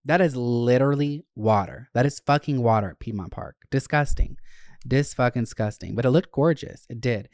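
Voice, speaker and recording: A young adult podcast host telling stories in a casual, animated, profane way. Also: mid-range voice, moderate pace, dry recording, clean studio sound. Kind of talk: casual chat.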